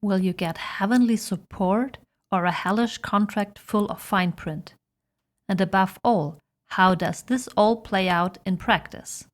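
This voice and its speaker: A woman narrating a scripted esoteric explainer in a measured, dramatic storytelling manner. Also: medium pitch.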